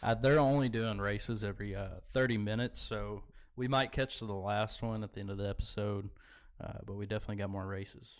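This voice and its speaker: A laid-back man, speaking in a fairly low, smooth and clear voice. He chats casually on a podcast and laughs easily. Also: fairly even intonation, brisk, hardly any pauses. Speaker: podcast co-host. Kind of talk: casual chat.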